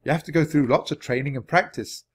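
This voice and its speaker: A man's voice: on the high side, fast talker, breathy edge, voice pushed up. A man voicing a cautious, sensible young boy in a storybook, careful and reasoning in his talk. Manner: careful, reasoning, urgent when calling.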